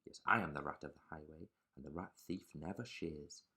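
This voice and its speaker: A man voicing a greedy, bullying male rat highwayman in a storybook reading, gruff and swaggering. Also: normal speed, sharp tone, full character voice.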